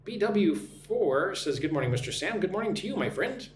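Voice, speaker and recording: A high-pitched, sing-song American man teaches English on a live stream at a moderate pace. He calls out viewers by name and runs phrase drills for them to repeat, while the echoey room carries a faint hum.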